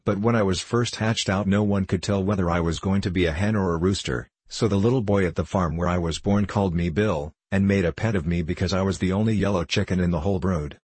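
A man with a low, husky voice reading the lines of a gruff, blunt female yellow hen in an audiobook story. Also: fast, few pauses, no room sound. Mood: matter-of-fact. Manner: gruff, blunt and self-assured.

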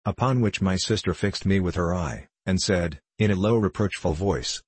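A man narrating a novel aloud in measured first-person storytelling. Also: deep voice, breathy edge, no echo. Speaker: audiobook narrator.

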